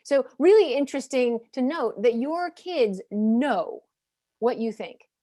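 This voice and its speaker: A woman sharing a story about a student in a relaxed, conversational talk over a video call. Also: high-pitched, slow pace. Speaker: speaker.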